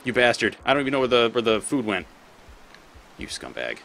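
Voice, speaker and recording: A man's voice: mid-range voice, very animated, a little fast, gravelly, a bit bright, a little hiss or hum. A man giving casual gameplay commentary as a let's play host; he swears often and talks back at the creatures on screen.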